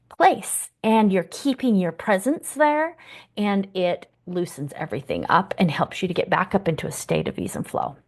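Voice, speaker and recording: A woman's voice: on the low side, a little mellow. A woman teaching about relationships in an earnest, encouraging way, now and then acting out feelings in big exaggerated voices. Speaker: relationship coach. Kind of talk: teaching talk.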